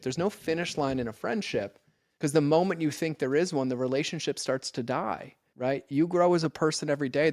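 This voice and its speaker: A man talking as a podcast guest and mentor in casual conversation, earnest and animated as he acts out conversations. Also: a little high, no room sound, clean studio sound. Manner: earnest, animated when acting out exchanges.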